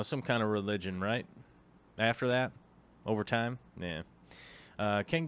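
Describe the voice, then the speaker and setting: A man with a fairly high, fairly bright voice vlogs about aquariums in a rambling, chatty way. He's full of filler ums and restarts, and he keeps making casual asides to the viewer.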